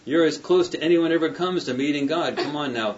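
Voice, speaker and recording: A man's voice: fairly high pitch, fairly quick, natural voice. A man reading aloud the lines of a smug old male scientist who sees himself as godlike, recorded at a distance with a dull sound. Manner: read aloud from a novel.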